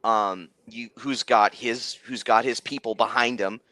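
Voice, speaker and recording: A young man narrating as game master, rambling with many halting restarts. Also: medium pitch, fairly even intonation, pushed and bright, dry recording.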